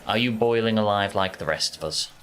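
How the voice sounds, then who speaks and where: Deep-voiced Yorkshire man streaming games. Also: brisk, fairly bright tone, faint music behind. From Yorkshire, England. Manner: easygoing, rambling, chats to viewers. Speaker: game streamer. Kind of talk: casual live-stream chat while gaming. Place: warm home bedroom.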